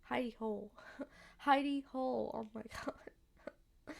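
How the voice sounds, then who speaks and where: A woman playing through a story game, stopping to poke fun at her own reading. Her voice sits high with a gravelly fry underneath. The asides come out giggly and unguarded. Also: steady tone, moderate pace, darkish tone. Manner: self-mocking, giggly asides. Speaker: gaming channel host. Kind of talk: let's play commentary.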